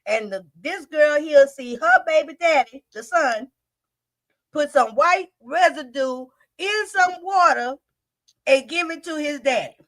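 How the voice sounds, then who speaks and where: A woman's voice: sits high, lively intonation, unhurried, a bit bright. A woman hosting a storytime video, recapping a clip in blunt, profane, incredulous casual commentary.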